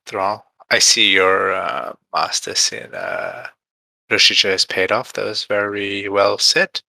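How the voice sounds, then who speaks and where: A man's voice: on the low side, unhurried, vocal fry, bright, forceful tone, no echo, low-quality recording. A man hosting a live community call, talking in a casual, upbeat, rambling way. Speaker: host of a community AMA call.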